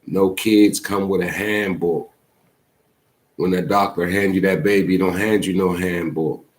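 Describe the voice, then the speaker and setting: A man's voice: low voice, steady tone, unhurried. A man hosting a show, speaking in a heartfelt, preachy casual monologue with a habit of saying "man" often. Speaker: host.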